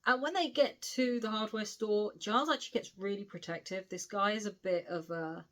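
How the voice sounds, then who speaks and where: A woman's voice: mid-range voice, brisk, a bit bright. Chatty woman reviewing a book. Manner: chatty, recounting the plot with frequent asides. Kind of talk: casual spoken book review.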